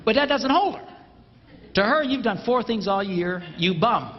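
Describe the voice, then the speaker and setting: A man giving a humorous live talk to an audience, playful and animated. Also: high voice, moderate pace, slight background noise. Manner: playful and animated, mimics a bell sound. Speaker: speaker addressing an audience. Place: large hall with a live audience. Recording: dull, roomy hall recording.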